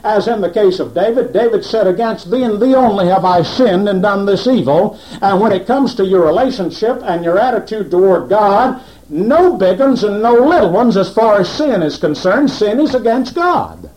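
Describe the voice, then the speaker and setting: A male preacher giving a conversational sermon, asking rhetorical questions and pausing to work through scripture. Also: high-pitched, animated, darkish tone, low-quality recording.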